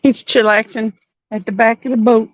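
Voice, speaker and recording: A woman's voice: fairly high pitch, fairly even intonation, normal speed, no echo. A woman hosting a fishing livestream from a boat, chatting casually, giggling often and reading viewer comments aloud. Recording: dull muffled audio.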